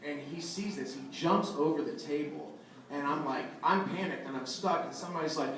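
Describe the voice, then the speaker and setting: A man in his thirties, a voice actor at a convention panel, telling a story in an animated way and acting out the quotes. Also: a little high, brisk, noisy background. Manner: animated anecdotal, acts out quotes. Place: large convention hall. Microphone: phone camera from the audience. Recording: echoey hall from far off, phone audio.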